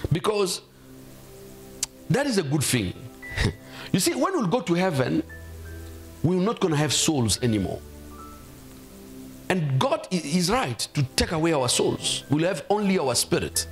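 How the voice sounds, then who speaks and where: A man preaching a sermon as pastor, emphatic and exhorting, often calling out hallelujah. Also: fairly high pitch. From South Africa.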